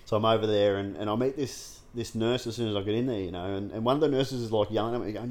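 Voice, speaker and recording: Male guest, low voice, raw and frank, salty language, loose conversational delivery with fillers. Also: steady tone, fast, few pauses, darkish tone. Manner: frank and unguarded, heavy swearing, many fillers and restarts. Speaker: guest sharing his recovery story. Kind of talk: candid conversational interview.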